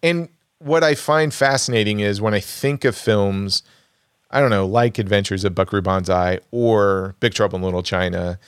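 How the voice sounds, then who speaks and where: Man, podcast co-host, casual talk, lowish voice, restarts while thinking. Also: moderate pace, smooth, no room sound, studio quality. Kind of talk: casual movie chat.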